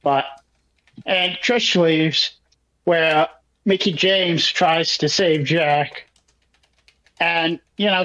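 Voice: mid-range voice, extremely slow, pauses often, a bit bright, rough recording. Chatty, cursing podcast co-host. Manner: profane, chatty play-by-play with acted-out asides. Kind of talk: casual chat recapping wrestling.

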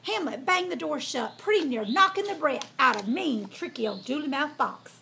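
A woman hosting a storytime, reading a children's tale aloud in a folksy, lively way. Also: sits high, moderate pace, gravelly, a little hiss or hum. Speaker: storyteller host.

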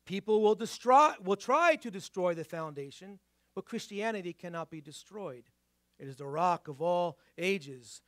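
A male pastor with an accent that mixes New York and Boston, preaching conversationally in a church. He slows down for emphasis and puts rhetorical questions to the congregation. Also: sits high, no echo, studio quality. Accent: mix of New York and Boston. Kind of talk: sermon. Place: church sanctuary.

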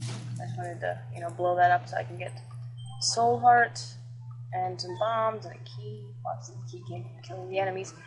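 Brief: excitable woman gamer, casual running commentary, talkative and profane. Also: on the low side, normal speed, soft background music, low-quality recording. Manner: chatty, excitable, swears and jokes while playing. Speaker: gameplay commentator.

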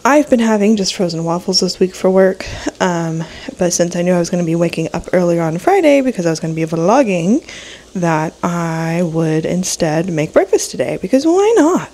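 A woman's voice: fairly low pitch, moderate pace, mellow. A young woman vlogging at home in a casual, rambling chat, sleepy and a bit nasal from allergies. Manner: chatty, rambling, lots of fillers. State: sleepy, yawning. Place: home kitchen and office. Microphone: handheld vlog camera.

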